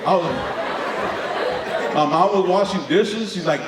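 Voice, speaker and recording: A man doing stand-up storytelling in an animated, lively way, tagging lines with "right?". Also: high-pitched, moderate pace, long pauses, heavy background noise. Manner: animated, lively storyteller with frequent tag questions. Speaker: comedian. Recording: echoey hall from far off with crowd.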